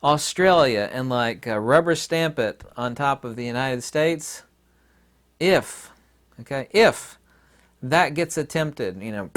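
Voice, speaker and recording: A man's voice: medium pitch, expressive, slow, a bit bright. A man in mid-range voice talking straight to his audience in a loose, opinionated monologue. He wanders through asides and fillers while making his case, chuckling wryly between points. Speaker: channel host.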